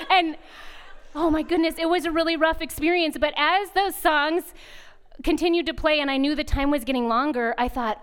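Animated high-voiced woman telling a story. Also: moderate pace. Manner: animated, acts out sounds and voices. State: pregnant at the time, not now. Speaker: retreat speaker. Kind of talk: storytelling sermon.

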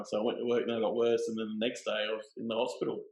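A middle-aged man, telling a personal story in a relaxed, plain-spoken way. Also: lowish voice, rapid-fire, creaky, hardly any pauses. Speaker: guest. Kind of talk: casual storytelling. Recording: roomy echo.

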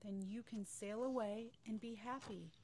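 Gentle, selfless storybook tree, read by a woman, tender and unhurried. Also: a little high, fairly even intonation.

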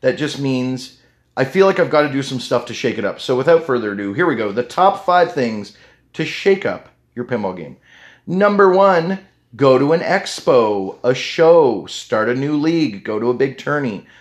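A man talking casually on his own podcast, drifting from point to point with plenty of "um"s and restarts. His voice sits at an ordinary middle pitch, relaxed and chatty. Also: normal speed. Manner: rambling and chatty, with many fillers and restarts. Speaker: podcast host. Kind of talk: casual solo podcast talk.

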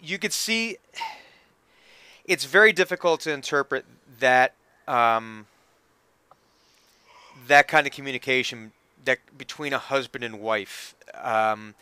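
Bright, crisp-voiced male game master. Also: mid-range voice, slow, long pauses, no room sound. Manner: relaxed, rambling, laughs easily. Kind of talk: narrating a tabletop game.

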